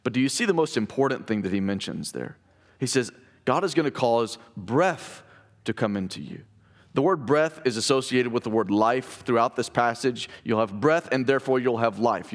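A man preaching a sermon in a church sanctuary. His voice is mid-pitched and carries a long reverb through the hall. He talks in an earnest, explanatory way and slows down to stress the lines he reads aloud. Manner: earnest, explanatory, reads scripture slowly with emphasis. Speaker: pastor.

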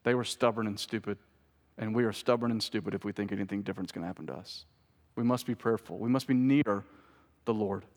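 A male pastor preaching a sermon in a church, earnestly repeating key phrases and moving between urgent appeals and hushed, intent passages. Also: lowish voice, fast. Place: church sanctuary. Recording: reverberant church hall.

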